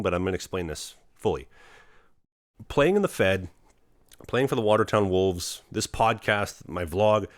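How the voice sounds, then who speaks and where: Brief: young male podcast host, low voice, rapid earnest delivery, dry close mic. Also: no echo. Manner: earnest, rambling, motivational, fast with fillers. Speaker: podcast host, hockey goalie. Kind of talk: casual podcast chat.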